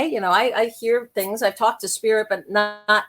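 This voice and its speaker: A woman guest on an interview show, telling a story in a lively, chatty way with quick asides. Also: medium pitch, faint music behind. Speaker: guest, intuitive life coach and medium.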